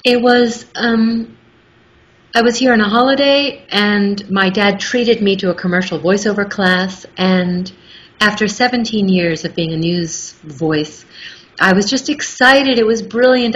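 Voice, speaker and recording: A middle-aged woman talking as an interview guest, telling stories in a lively, articulate way. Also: mid-range voice, a little slow. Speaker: guest, audiobook narrator. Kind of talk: casual interview chat. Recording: muffled with faint background noise.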